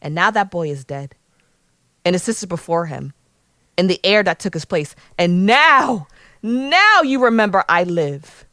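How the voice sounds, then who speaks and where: A bitter, proud young sailor of humble birth speaks in a heavy, lowered voice, grave and resentful, as a woman puts him on. He sounds weighed down by grievance. The recording is close and dry, with no room sound. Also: expressive, a little slow, pushed and bright, dry recording. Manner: grave, resentful speech read from notes.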